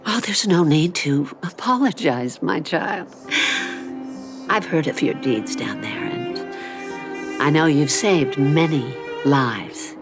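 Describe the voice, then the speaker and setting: An actress voicing a tender older mother in a video game, speaking slowly and soothingly to her daughter. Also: deep voice, animated, over music. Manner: slow, soothing and warm-hearted. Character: aging mother, tender and consoling. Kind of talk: game voice acting.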